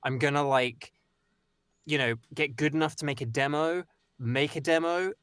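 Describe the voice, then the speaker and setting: A man's voice: fairly high pitch, normal speed, fairly bright tone, clear, resonant tone, dry recording. A young man with a Northern English accent, chatting casually as a guest on a video call, rambling with lots of restarts and fillers. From England. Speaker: voice actor guest. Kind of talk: casual conversation.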